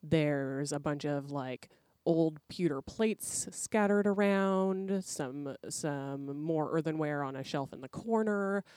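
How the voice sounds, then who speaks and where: A woman's voice: low voice, takes it slowly, a little mellow, no echo. A woman podcast co-host telling a folklore tale in a casual, laid-back way. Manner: laid-back, conversational, uses "like" and "dude". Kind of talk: casual storytelling.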